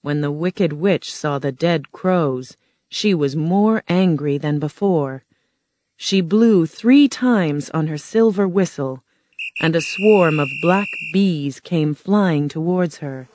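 A woman narrating a storybook in a plain, measured reading voice. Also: low voice, mellow.

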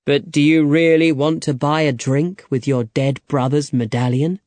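A man voicing a grave, strong old master swordsman in an audiobook, speaking in a slow, measured, stern way. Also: a little high, fairly even intonation, darkish tone, dry recording, lightly acted. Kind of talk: audiobook character reading.

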